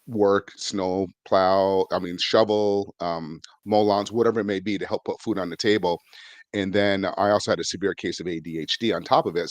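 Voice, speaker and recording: A man's voice: low-pitched, no room sound. Guy from vermont rambling thru his story on a podcast, lots of ums, dry close sound. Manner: rambling, filler-heavy storyteller. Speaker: guest real estate investor. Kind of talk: casual storytelling interview.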